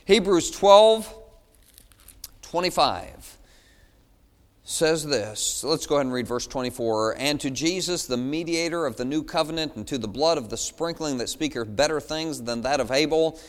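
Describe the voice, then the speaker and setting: A man's voice: on the high side, expressive, normal speed, in a large hall. A man preaching a sermon as pastor, pleading and building in intensity. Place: church.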